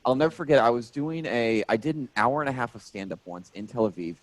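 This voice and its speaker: A man in his thirties, a stand-up comedian telling stories in a casual interview, animated and jokey. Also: medium pitch, fast, rough recording. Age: 30s.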